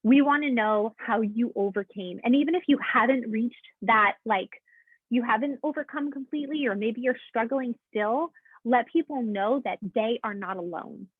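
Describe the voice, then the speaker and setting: Husky-voiced woman coach on a phone line. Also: a little high, moderate pace, no room sound. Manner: chatty, keeps checking in with "okay?"; encouraging, addresses listeners as "guys". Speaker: coach leading a team call. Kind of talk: motivational coaching talk. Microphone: call audio. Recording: tinny, dry phone-line sound.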